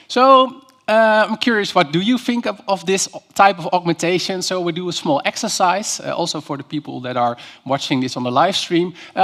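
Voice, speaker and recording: Man, 30s, keynote speaker, university lecture hall, storytelling, audience questions, fairly high voice. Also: a bit bright. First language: Dutch. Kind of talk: keynote presentation to a live audience.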